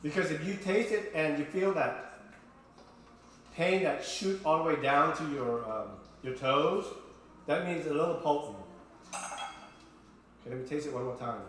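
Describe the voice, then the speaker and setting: A Vietnamese man cooks at home on camera, chatting playfully to his viewers and calling them boys and girls. His voice is on the high side and a bit bright, slightly slow with frequent pauses. The very echoey kitchen carries faint music and a little hiss or hum.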